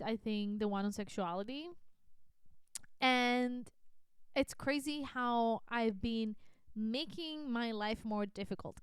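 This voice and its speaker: A woman in her thirties hosts a solo podcast in a candid, self-reflective way, often repeating a word to drive it home. Her voice sits a little high and sounds very clean and crisp. The recording is dry, with no room echo. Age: 30s. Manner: frank and self-reflective, swears casually, repeats herself for emphasis. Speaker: podcast host. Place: at her desk with a computer.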